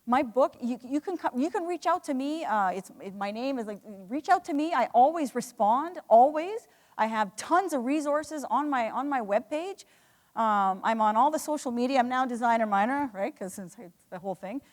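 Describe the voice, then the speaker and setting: A woman's voice: high-pitched, animated, moderate pace. Earnest woman speaking in an echoey hall. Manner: earnest, emotional storytelling with frequent restarts. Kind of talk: motivational talk to a live audience.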